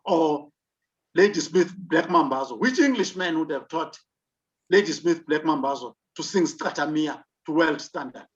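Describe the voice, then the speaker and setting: A man's voice: on the high side, lively intonation, normal speed, a bit bright. A South African man giving an online leadership lecture, emphatic, with rhetorical questions. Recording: dull lo-fi recording.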